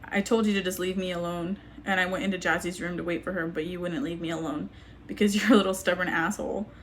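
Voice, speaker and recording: A young woman reading a personal letter aloud to camera, halting and grieving, with frequent restarts. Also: fairly low pitch, fairly even intonation, a little hiss or hum. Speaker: vlogger.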